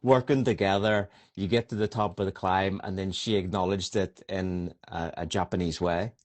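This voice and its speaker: A man's voice: low-pitched, steady tone, moderate pace. A man hosting a podcast, chipping in with short questions and reactions in casual chat. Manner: brief prompting questions and reactions. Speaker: podcast host.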